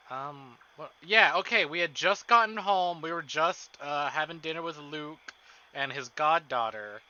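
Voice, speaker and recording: A man streaming a visual novel, chatting casually with his chat, excitable and swearing often. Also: fairly high pitch, a little slow, lo-fi sound. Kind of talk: casual live-stream chat and game reading.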